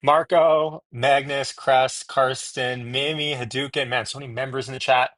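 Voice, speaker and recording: A man chats casually on a relaxed live stream from home, rattling off viewer greetings in a friendly way at a moderate pace. His pitch sits in the middle range. He's picked up by wireless earbuds, so the sound is close and dry, with no echo.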